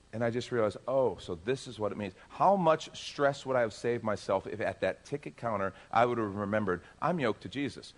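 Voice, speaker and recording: A man preaching a sermon, telling a personal story with animated acted-out dialogue. His voice sits at a middle pitch. Faint music plays behind him. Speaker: pastor.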